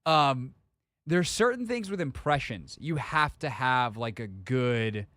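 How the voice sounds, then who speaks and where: A man's voice: mid-range voice, slow, no room sound. A man hosting a sports radio talk show, chatting casually and joking about impressions. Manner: chatty, lively, jokey, trying out impressions. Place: radio studio. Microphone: studio microphone.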